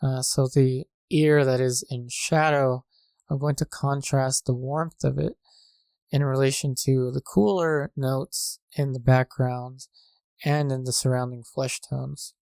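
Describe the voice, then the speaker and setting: A man with a gravelly, low-key voice walks through a painting demonstration. His delivery stays flat and measured, with small pauses and fillers as he works. The sound is dry and close, with no room around it. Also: dry recording. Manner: calm, measured, with frequent fillers. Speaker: painting instructor. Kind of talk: tutorial narration. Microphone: desk microphone.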